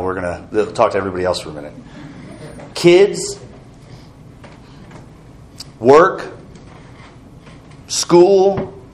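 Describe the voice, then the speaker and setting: A man preaching an earnest sermon as pastor, asking the congregation questions. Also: medium pitch.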